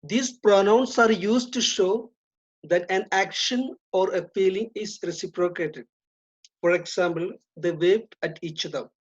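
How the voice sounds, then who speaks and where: Female teacher, slow methodical delivery, lowish voice, muffled lo-fi audio. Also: slightly rough. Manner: slow, deliberate, repeats and stresses key terms. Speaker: English teacher. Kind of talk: classroom grammar lesson. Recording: dull lo-fi recording.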